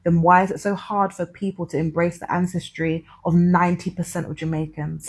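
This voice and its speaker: Woman, scripted commentary, measured and earnest, husky tone, lowish pitch.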